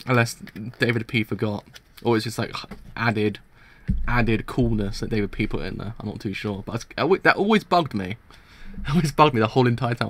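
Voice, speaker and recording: A man's voice: fairly low pitch, normal speed, a bit bright. A young man streaming a manga reaction, reading pages aloud and rambling through casual commentary with many restarts. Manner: rambling, restarts, chuckles at his own points.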